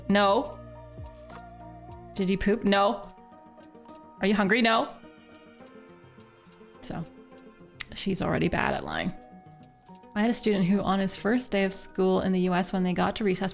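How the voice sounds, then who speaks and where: A woman's voice: mid-range voice, vocal fry. A young woman from Canada, a livestreamer and parent, chatting casually with her chat in a rambling way, full of fillers and restarts. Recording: faint music behind voice.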